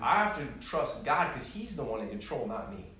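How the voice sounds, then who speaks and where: A man giving a sermon in a conversational, self-deprecating way, growing animated as he tells personal stories. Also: mid-range voice, moderate pace, slight background noise. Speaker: pastor. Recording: echoey room heard from a distance.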